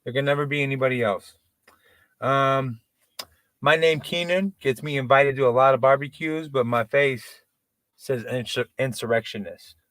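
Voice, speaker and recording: A man's voice: medium pitch, normal speed, fairly bright tone, no room sound. A man in his forties doing open mic stand-up, rambling, self-deprecating and profane. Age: 40s. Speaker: stand-up comedian.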